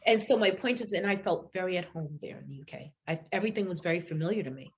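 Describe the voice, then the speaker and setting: A woman's voice: on the low side, fast talker. A middle-aged woman from New England, a singer telling stories in a casual interview. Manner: animated storyteller, acts out quotes. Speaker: singer and guest.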